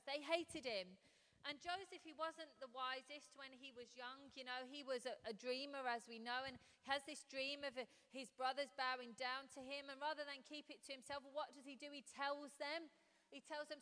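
A woman with a high, smooth voice preaches to a congregation in a conversational sermon style. She often stops to ask rhetorical questions. The sound carries a long reverb from a church hall. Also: a bit bright.

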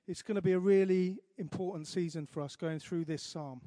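A pastor earnestly preaches, reading scripture slowly and with emphasis and adding light asides to his congregation. His voice is high-pitched, steady and warm.

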